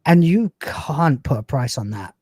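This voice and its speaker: A man's voice: on the high side, lively intonation, a little slow, warm tone, no echo, clean studio sound. A man in his forties hosting a livestream, chatting casually in a profane, joking way and telling stories. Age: 40s. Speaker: host.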